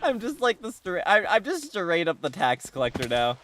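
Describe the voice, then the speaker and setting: A man's voice: high-pitched, very animated, moderate pace, a bit bright, soft background music. A man chatting casually while streaming a game, rambling with many restarts and bursts of laughter. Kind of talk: casual game livestream chat.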